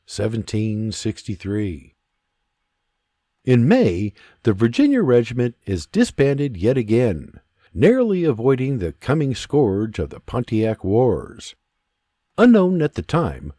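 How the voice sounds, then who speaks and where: A man narrating a historical audiobook in an unhurried, expressive storytelling manner. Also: medium pitch, dry recording, clean studio sound.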